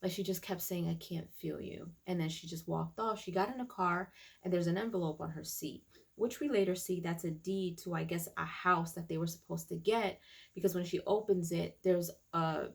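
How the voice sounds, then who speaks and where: Woman vlogger, low and gravelly, chatty recap full of fillers. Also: normal speed. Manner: chatty, many fillers and restarts. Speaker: YouTube TV reviewer. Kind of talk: casual episode recap.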